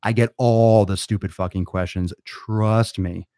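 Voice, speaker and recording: A man's voice: lowish voice, steady tone, measured pace, mellow, dry recording, clean studio sound. A man ranting in a blunt, profane way, sometimes mocking whiny excuses in a silly voice. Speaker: fitness vlogger. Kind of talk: profane motivational rant.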